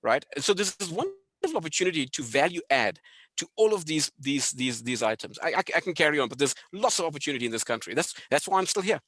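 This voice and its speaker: South African man on a video call, quick, eager, slightly high voice. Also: expressive, a bit bright, no echo. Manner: enthusiastic, listing points rapidly. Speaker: guest speaker. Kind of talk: webinar conversation.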